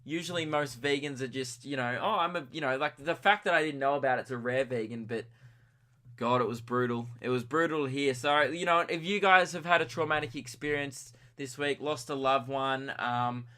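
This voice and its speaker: Bright-voiced young Australian podcast host. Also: male voice, mid-range voice, normal speed. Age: early 20s. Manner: rambling, self-mocking, excitable. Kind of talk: comic storytelling monologue.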